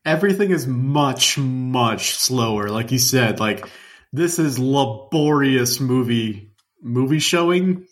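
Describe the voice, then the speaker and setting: A man's voice: medium pitch, expressive, takes it slowly. A man co-hosting a podcast, talking films in an enthusiastic, rambling way. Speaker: podcast co-host. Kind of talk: casual film discussion.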